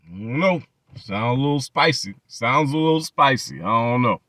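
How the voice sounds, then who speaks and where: Bright, lively profane male commentator. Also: mid-range voice, normal speed, no room sound, studio quality. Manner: mocking, profane rants with many repetitions. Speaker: channel host.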